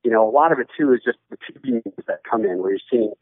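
A man who hosts a sports studio show, a guest chatting casually and joking with animated asides. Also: medium pitch, racing, no echo. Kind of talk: casual interview chat. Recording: tinny phone-like line.

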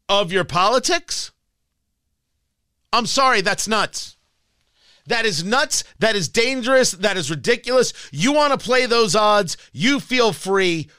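A man's voice: high voice, sharp tone, clear, resonant tone, no room sound. A man hosting a talk radio show, delivering an emphatic, combative monologue into a studio microphone.

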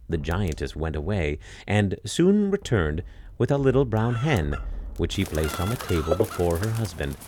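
Deep-voiced man narrating a fairy tale. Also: normal speed, a little hiss or hum. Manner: expressive, dramatic storytelling. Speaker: storyteller.

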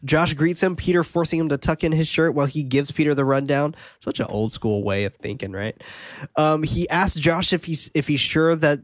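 A man's voice: on the high side, normal speed, dry recording, studio quality. A man casually recapping a movie scene by scene on a podcast, laughing often and swearing freely. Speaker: podcast co-host recapping a film.

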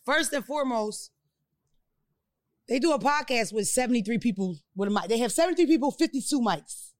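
A high-pitched woman holds the floor on a casual podcast, telling stories in an animated, profane, joking way. Her voice sits close and dry on the mic, with no room around it. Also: brisk, no room sound. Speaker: podcast host.

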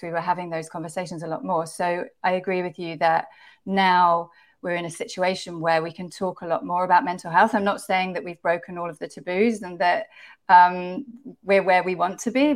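A woman panel guest speaking in a measured, reflective way, often restarting her phrases. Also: fairly low pitch, fairly even intonation. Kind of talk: panel discussion.

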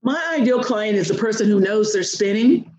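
A woman's voice: normal speed, a crowd in the background. A woman coach, a podcast guest, telling a story expressively and acting out the quotes. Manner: expressive, acts out quotes with big pitch swings. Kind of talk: animated storytelling in an interview. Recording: roomy echo.

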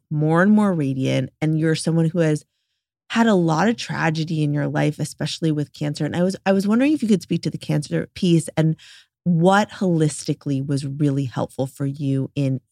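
On a wellness interview podcast, a female host chats in a low, gravelly voice at a slightly quick pace. She's warm and enthusiastic, dropping "like" often in casual conversation, and the studio-quality audio has no echo.

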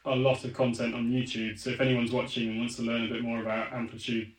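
Flat-voiced male host in an echoey room. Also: mid-range voice, fast. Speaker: podcast host. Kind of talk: casual interview chat.

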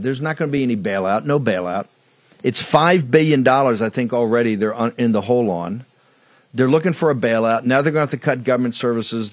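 A man hosting a political talk show, delivering a combative, mocking monologue that climbs into loud outbursts. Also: medium pitch, no room sound.

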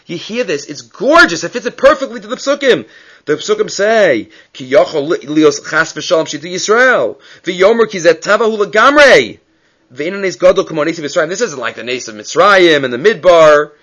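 A man's voice: high-pitched, animated, normal speed, a bit bright, dull audio. A man teaching an evening text study class, reading passages aloud and then explaining them with rhetorical questions. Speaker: Torah teacher.

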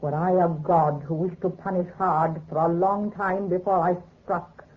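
A woman's voice: fairly low pitch, lightly acted. A woman playing a cold, sinister serpent goddess. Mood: coldly ominous. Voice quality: calm, measured, ominous. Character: cold vengeful female serpent goddess in human guise. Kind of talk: 1930s radio drama acting. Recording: tinny old radio recording.

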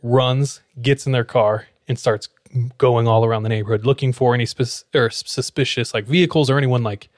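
A man co-hosts a podcast and tells a story in a casual, chatty way. He acts out the people in it, his pitch swinging up for their lines. The sound is dry and close. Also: brisk, dry recording. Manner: animated, acts out quoted dialogue. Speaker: podcast co-host.

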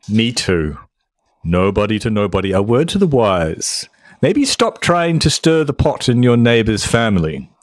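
Man doing a pompous ponderous Englishman, pretentious, lowish voice, dry close sound. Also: big pitch swings, measured pace, no echo. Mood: condescending. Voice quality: pretentious, ponderous, stiff-upper-lip. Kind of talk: dramatic reading of online exchange.

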